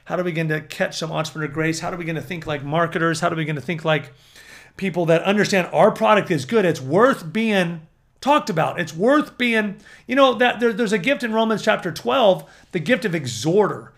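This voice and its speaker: A man preaching to an audience as a prophetic minister, fervent and building to emphatic near-shouts. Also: high-pitched, animated, brisk, gravelly.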